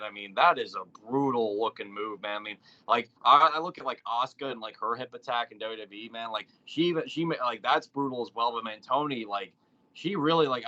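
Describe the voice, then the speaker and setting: A man's voice: on the low side, bright, forceful tone. A man co-hosting a casual review show, rambling with lots of "like" and "man". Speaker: podcast co-host. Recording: dull lo-fi audio.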